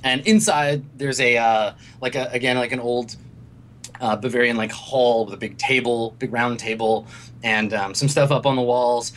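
A man's voice: mid-range voice, steady tone, normal speed, a bit bright, slight background noise. Rambling man running a tabletop game. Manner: rambling, filler-heavy description. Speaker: game master.

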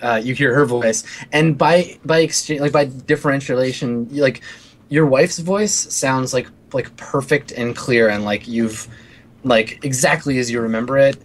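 A man's voice: medium pitch, a little slow. Casual male game master. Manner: loose, filler-heavy narration with many "like"s. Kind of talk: narrating a tabletop role-playing game.

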